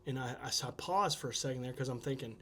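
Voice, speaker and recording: A man's voice: medium pitch, fast, slight background noise. A man, a small-town entrepreneur, telling a story as a podcast guest in a casual way, acting out what people said and leaning on fillers like "you know.". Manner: animated storyteller who acts out quoted dialogue.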